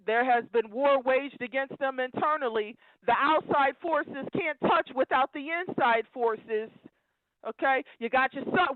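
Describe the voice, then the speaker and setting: A female caller rants passionately into her phone on a talk show, emotional and fiercely preachy, hammering phrases through repetition. Her voice sits high, and the tinny, dry line carries no room sound.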